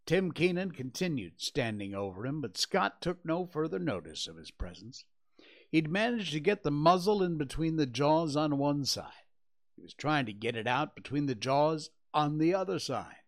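A man hosting a show, reading a classic adventure novel aloud in slow, measured narration. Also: on the high side, sing-song.

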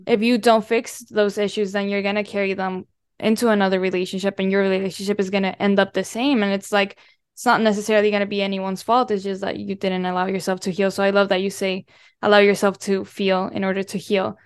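A woman's voice: medium pitch, level tone, fast talker, smooth, dry recording. A young woman hosting a podcast, talking earnestly and asking long multi-part questions. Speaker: podcast host. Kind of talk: casual interview chat.

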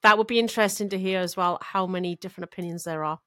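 A woman co-hosting a podcast in casual chat, easygoing and quick to laugh. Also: fairly low pitch, fairly even intonation, fairly bright tone, dry recording, clean studio sound. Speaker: podcast co-host.

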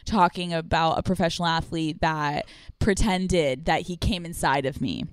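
A woman's voice: sits low, normal speed, clean tone, dry recording, studio quality. A young woman co-hosting a podcast, telling candid stories in casual chat, acting out voices and swearing freely. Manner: animated storyteller, mimics voices, swears freely. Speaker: podcast co-host. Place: small room, no producer. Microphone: studio microphone.

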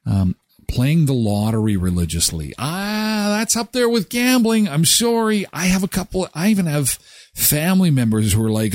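A man in his thirties hosting a live daily show, chatting casually and joking with lively jumps in his voice. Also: fairly high pitch, moderate pace, dry recording. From Canada. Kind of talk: casual solo commentary.

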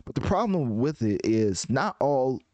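A man giving casual music commentary in a rambling, animated way, often restarting his sentences. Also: mid-range voice, unhurried, no room sound, muffled recording.

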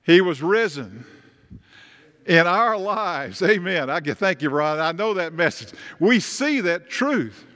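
A man's voice: high voice, sing-song, slow pace, pushed and bright. A man, preaching a sermon as pastor, talking in a conversational way and asking the congregation questions. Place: church sanctuary. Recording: long reverb of a church hall.

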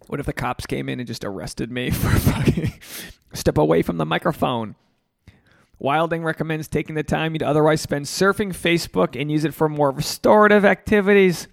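A man, talking on his own podcast in a loose, rambling way, swearing and joking as he goes. His voice sits a bit high and carries a gravelly fry, and the recording is dry and close. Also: a little fast, hardly any pauses, no echo. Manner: profane, rambling, jokey. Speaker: podcast host. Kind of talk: solo podcast commentary.

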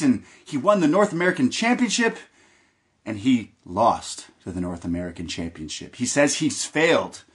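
A young man hosting a podcast who recaps a wrestling show in loose, jokey chat with the odd swear word. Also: medium pitch. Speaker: podcast host.

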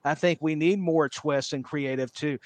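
A man's voice: on the high side, fairly even intonation, moderate pace, dry recording. A man co-hosting a wrestling podcast, talking at length with enthusiasm, full of fillers and repeated words. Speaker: podcast co-host. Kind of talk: casual wrestling chat.

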